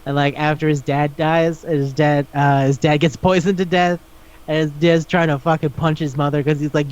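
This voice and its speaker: A fairly high-voiced man chatting on a podcast, animated and profane, slipping into the voices of the characters he describes. The recording is dull and lo-fi. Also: normal speed, clean tone. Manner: animated, acts out characters' lines, swears often. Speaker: podcast co-host. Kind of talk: casual chat recapping a manga.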